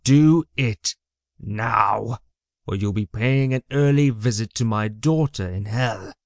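A man's voice: on the low side, a little slow, no room sound, studio quality. A man voicing an arrogant trickster god who sneers and hisses his threats. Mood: menacing. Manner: sneering, hissing.

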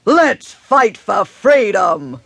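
A woman's voice: medium pitch, sing-song, very slow, creaky, fairly bright tone, slightly rough, dry recording, pitched above the performer's own voice, full character voice. A woman voicing Bouncer, a bossy, swaggering male mouse who appoints himself leader, with a blustering, commanding manner. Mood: rousing.

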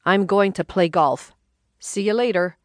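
A woman's voice: medium pitch, unhurried, no room sound, natural voice. A woman voicing a grumbling, folksy older husband who talks in a dry, laconic drawl.

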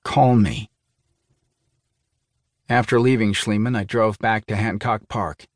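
A man narrating a first-person thriller audiobook in a measured, even storytelling manner. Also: on the low side, dry recording, studio quality.

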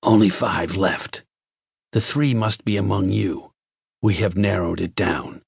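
Guy reading as a cold stern martian officer, slow clipped orders, low husky voice, dry sound. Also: steady tone, no room sound, heavily acted. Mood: interrogating.

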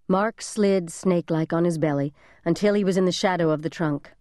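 Woman narrating with a low, mellow voice. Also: no echo, clean studio sound. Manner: measured, suspenseful reading. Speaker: audiobook narrator. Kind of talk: scripted thriller narration. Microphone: close studio mic.

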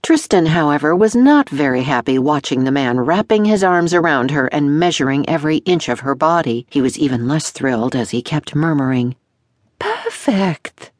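Low-voiced woman narrating expressively. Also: fairly quick, few pauses, no echo, studio quality. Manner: expressive, melodic storytelling. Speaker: audiobook narrator. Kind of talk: scripted narration.

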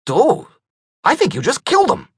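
A man's voice: very high voice, wildly swooping pitch, normal speed, slightly rough, no room sound, studio quality, pitched above the performer's own voice, exaggerated voice. A man voicing a laid-back male skunk who talks like a breezy surfer dude. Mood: casual. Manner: breezy slacker talk, calls people dude.

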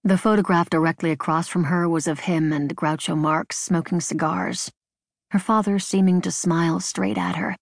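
A woman reading an unabridged novel in measured, even scripted narration. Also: on the low side, dry recording. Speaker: audiobook narrator. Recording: dry studio booth.

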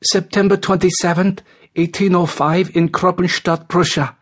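Man playing a timid young man, raised pitch, husky, anxious to please, storybook reading. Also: fairly even intonation, moderate pace. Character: frightened young man caught stealing.

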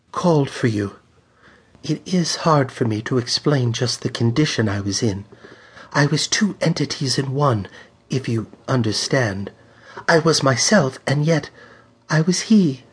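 A man voicing a frail young woman stage psychic, frightened and haunted, speaking in high trembling shrieks and pleas in an audiobook. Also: slightly rough. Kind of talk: audiobook character voice.

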